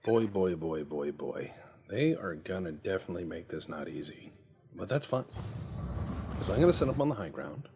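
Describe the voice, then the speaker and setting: A man's voice: low voice, lively intonation, normal speed, creaky, darkish tone. A man casually commentating on his gameplay, rambling and joking, often repeating words as he thinks aloud. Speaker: game commentator. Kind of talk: casual let's play commentary.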